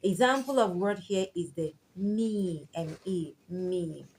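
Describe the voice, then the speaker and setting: A woman's voice: fairly low pitch, slow pace, darkish tone. A woman teaching English pronunciation, spelling words out letter by letter and repeating them with stretched vowels for emphasis. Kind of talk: slow, deliberate pronunciation lesson.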